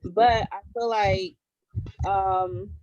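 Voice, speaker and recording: A woman's voice: mid-range voice, fairly even intonation, muffled recording, noisy background. A woman in her thirties speaking candidly in a casual podcast chat about motherhood, with lots of fillers and restarts. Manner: halting, many fillers and restarts, emotional openness. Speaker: podcast co-host sharing as a mother.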